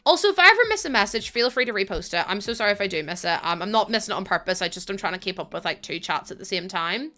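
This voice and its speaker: A woman's voice: mid-range voice, expressive, rapid-fire, hardly any pauses, sharp tone, soft background music. A young woman streaming a game, chatting casually with her chat, thanking viewers and laughing often.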